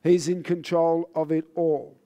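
A man preaching with a voice pitched a little high. He speaks earnestly and sounds a little tired. His sermon climbs into fervor and then sinks to low, solemn exhortation. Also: flat delivery, a little slow, mellow. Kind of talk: sermon with personal testimony.

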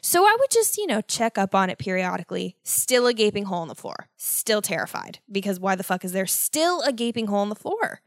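A young woman hosting a solo podcast, telling a story in an animated, exasperated way with constant swearing. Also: mid-range voice, fairly quick, hardly any pauses, no room sound, studio quality. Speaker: podcast host.

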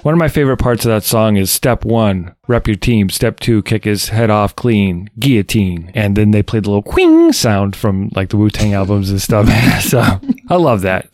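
A man with a fairly low voice hosts a casual music podcast. He talks in a relaxed, reflective way, and his voice sounds dry and close. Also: no echo. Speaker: podcast host.

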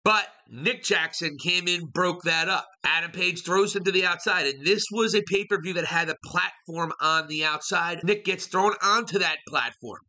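A man hosting a casual wrestling recap, excitable and swearing casually. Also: high voice, moderate pace, hardly any pauses.

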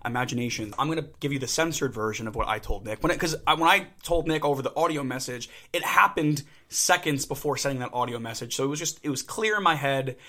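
Bright-voiced animated young man. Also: medium pitch, fast talker, hardly any pauses. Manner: animated storyteller, acts out shouted quotes. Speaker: podcast co-host. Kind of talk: casual chat.

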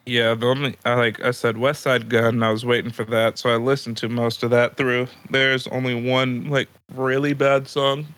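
Man, podcast co-host, loose and profane, quick to laugh. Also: mid-range voice, level tone, a bit bright. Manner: laughs often, swears freely, retells stories. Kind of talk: casual comedic chat.

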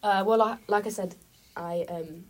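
A woman's voice: mid-range voice, a little slow, slight background noise. A young woman from the UK, a guest exchange student, chatting casually with many fillers and laughs. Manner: hesitant, many fillers and restarts, laughs often. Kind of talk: casual chat.

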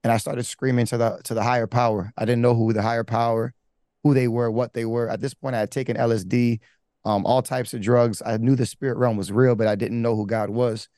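Rambling and casual, a man gives his candid testimony as a pastor, sprinkling in slang, fillers, and frequent restarts. His mid-range voice is mellow, and the recording is dry with clean studio sound.

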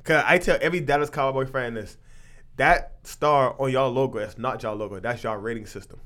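A young man on a casual podcast, laid-back and rambling, often trailing off into quiet asides. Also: mid-range voice, brisk. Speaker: podcast co-host. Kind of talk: casual sports and wrestling chat.

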